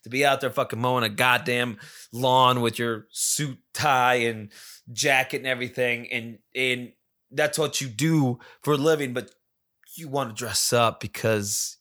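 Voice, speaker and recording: Man, non-native English accent, solo podcast monologue, swears a lot, repeats himself, bright voice. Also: mid-range voice, fairly even intonation, a little slow. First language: not English. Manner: rambling, profane, many restarts and repetitions. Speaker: podcast host.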